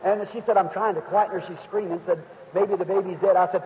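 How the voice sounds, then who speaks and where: A man's voice: high voice, steady tone, fairly quick, few pauses. A man preaching an emotional sermon, stretching his exclamations out. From United States. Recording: dull, hissy 1950s tape in a long-reverb hall.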